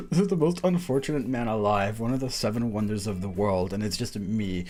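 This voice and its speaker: A man's voice: on the low side, moderate pace, a little mellow. Joking young man streaming over music. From Mexico. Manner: joking, self-mocking, laughs often. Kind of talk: casual stream chat. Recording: music playing behind.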